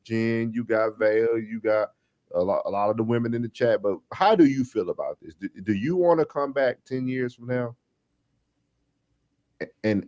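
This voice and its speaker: A man's voice: fairly low pitch, a little mellow. Man host pressing the panel with questions. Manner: pointed questioning, argumentative. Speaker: podcast host. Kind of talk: casual panel chat.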